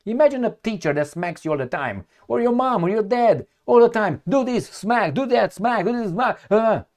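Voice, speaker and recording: A man comments on the news in a loud, mocking tone. His pitch swings widely and sits a bit high for a man. He keeps breaking off mid-phrase to hunt for the right word. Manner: sarcastic, heated, mocking; searches for words, repeats himself. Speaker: political commentator. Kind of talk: reading news aloud and reacting.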